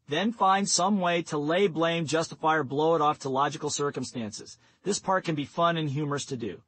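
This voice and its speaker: A man narrating a nonfiction audiobook in a steady, instructive reading voice. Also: a little high, normal speed, low-quality recording. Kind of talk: scripted narration.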